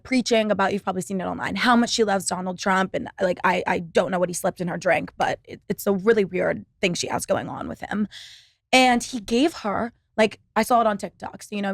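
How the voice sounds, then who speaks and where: A young woman talks through a casual solo podcast, drifting from story to story with endless "like"s and plenty of swearing. Her voice sits at an ordinary middle pitch, recorded close and dry with no room sound. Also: gravelly, no echo. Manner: rambling, profane, lots of "like" fillers. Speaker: podcast host. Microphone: laptop setup.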